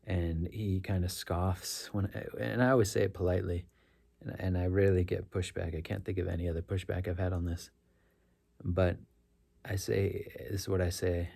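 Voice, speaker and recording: A middle-aged man with a deep, gravelly voice tells a story in a loose, reflective way. His tone is dark and mellow, and he often circles back and corrects himself as he talks. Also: flat delivery, moderate pace. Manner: rambling, self-correcting, earnest. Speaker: rideshare driver sharing stories.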